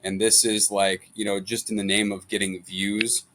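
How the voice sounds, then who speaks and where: A man's voice: on the low side, flat delivery, moderate pace, bright, forceful tone, a little hiss or hum. A man as a guest in a casual reaction chat, rambling with lots of fillers. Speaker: guest, client.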